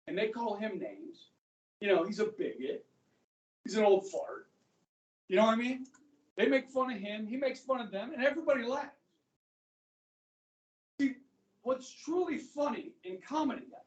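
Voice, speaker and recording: A man's voice: sits high, expressive, moderate pace, pauses often. A man lectures a history class in a loose, joking way, throwing questions out to the room. He stands well back from the microphone. The classroom gives his voice a hollow, echoing ring. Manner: casual, joking, fires rhetorical questions at students. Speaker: history teacher. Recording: echoey classroom, speaker far from the mic.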